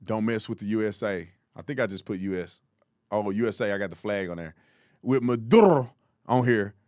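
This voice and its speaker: A man hosting political commentary, talking in a blunt, mocking, animated way. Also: fairly low pitch, moderate pace, no echo, studio quality. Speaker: host.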